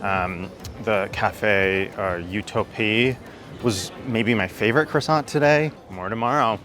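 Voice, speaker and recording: A man from the United States in his thirties, chatting excitedly and casually while tasting pastries on city streets, swearing now and then. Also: on the low side, measured pace, a crowd in the background. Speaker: food vlogger. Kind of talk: casual food vlog. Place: streets and bakeries of a city, outdoors.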